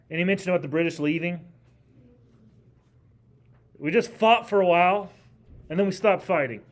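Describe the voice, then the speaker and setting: A man with a slightly high voice teaches history to a class in a classroom, lecturing in an emphatic, chatty way and putting question after question to his students.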